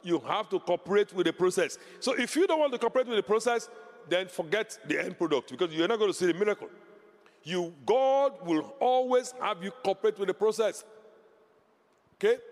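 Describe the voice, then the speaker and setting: A male pastor preaching a sermon, emphatic, repeating key phrases and rising to loud exclamations. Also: high voice, big-room sound.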